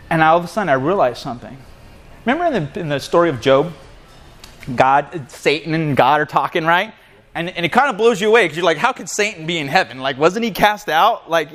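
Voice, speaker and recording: A guest speaker at a men's breakfast in a coffee shop gives a casual sermon in a fairly high voice. He tells a story with lots of animation and often calls his listeners "man."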